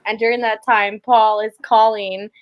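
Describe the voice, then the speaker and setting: A young woman with a clearly high voice tells a story on a podcast. She talks casually and keeps breaking into laughter. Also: normal speed, lo-fi sound. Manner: animated storytelling, lots of laughter. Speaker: podcast co-host. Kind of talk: casual chat.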